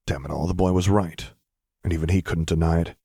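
A man narrating fan fiction in an even, measured reading. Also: low voice, husky, no echo, clean studio sound. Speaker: audiobook narrator.

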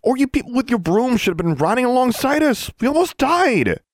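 A man's voice: extremely high pitch, big pitch swings, fairly quick, dry recording, clean studio sound, voice pushed up, exaggerated voice. A man voicing an upset, indignant young boy. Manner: indignant and insistent. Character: shaken angry boy, sixth grader.

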